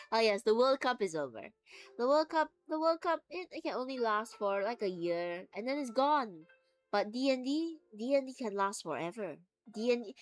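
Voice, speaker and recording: A woman streamer chatting casually to her livestream viewers from home, rambling and playful as she drifts between topics. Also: medium pitch. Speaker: VTuber streamer. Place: at home, sitting on the floor.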